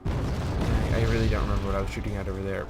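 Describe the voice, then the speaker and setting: A man's voice: on the low side, level tone, fast talker, over loud music. A man giving casual, rambling commentary over his own strategy gameplay, joking and acting out the soldiers in silly voices. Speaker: gaming YouTuber.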